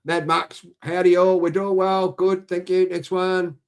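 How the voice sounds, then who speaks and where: Chatty Aussie livestream co-host, middle-aged man, a touch high. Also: level tone, unhurried, clean tone. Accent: Australian. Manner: chatty, reading out viewer shout-outs. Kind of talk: casual chat.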